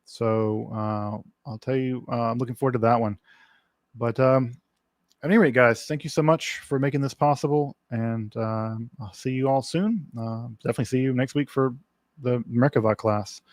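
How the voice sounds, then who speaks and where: A man's voice: medium pitch, fairly even intonation, moderate pace, no echo. A man hosting a casual livestream Q&A, rambling with many fillers and restarts. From working-class background. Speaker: livestream host.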